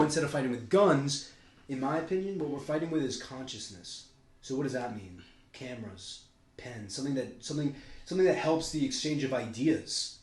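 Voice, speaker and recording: A man co-hosting a podcast, talking in a loose, rambling way with plenty of swearing and sudden jumps between ideas. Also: mid-range voice. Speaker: podcast co-host. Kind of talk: casual podcast chat. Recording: roomy echo.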